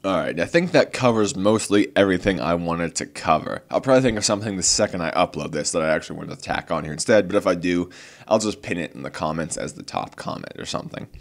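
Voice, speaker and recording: Young man, very low voice, casual vlog chat, rambling with lots of fillers, earnest, a bit exasperated. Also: animated, fast. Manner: rambling, many fillers and restarts. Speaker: card game channel host. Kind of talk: casual talk to camera.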